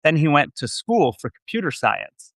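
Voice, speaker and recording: A man's voice: fairly high pitch, sing-song, normal speed, gravelly, fairly bright tone, no echo, studio quality. A man, a guest on a video call interview, telling rambling, self-deprecating stories from his computer with many restarts. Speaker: guest, venture investor. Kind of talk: casual interview storytelling.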